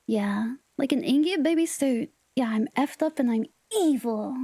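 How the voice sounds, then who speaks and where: A woman's voice: high voice, expressive, moderate pace, hardly any pauses, mellow, husky, no echo. A woman livestreamer chatting casually with her viewers, playful and teasing, sometimes dropping into whispered asides. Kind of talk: casual live-stream chat with viewers.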